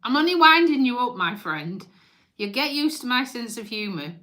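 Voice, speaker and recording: A woman's voice: on the high side, very animated, normal speed, pushed and bright. A woman hosting a casual live stream, chatting and joking with viewers, swearing freely and teasing them. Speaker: livestream host.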